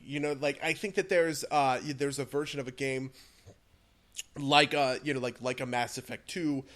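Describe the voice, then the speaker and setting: Casting: young male podcast co-host, rambling and opinionated, filler-heavy casual chat. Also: medium pitch. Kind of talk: casual chat about games.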